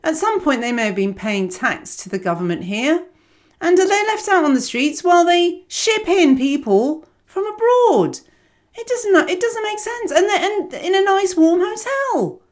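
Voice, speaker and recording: A woman's voice: very high voice, sing-song, measured pace. A woman giving a casual astrology reading, rambling and self-mocking. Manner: rambling, digressive, self-mocking, laughs often.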